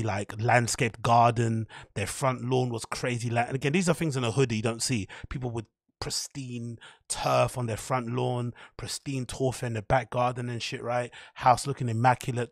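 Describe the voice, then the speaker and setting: With a mid-range voice and clean studio sound free of room noise, a man hosting a podcast rambles through a story. He swears, chats loosely, and keeps repeating himself and saying "like."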